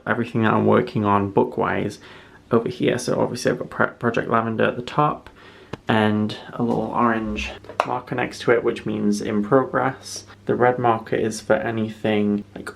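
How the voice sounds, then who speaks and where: A man's voice: on the low side, vocal fry. A man chatting casually to camera at home, rambling and correcting himself as he goes. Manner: rambling, relaxed, self-correcting. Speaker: vlogger. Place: home room, indoors.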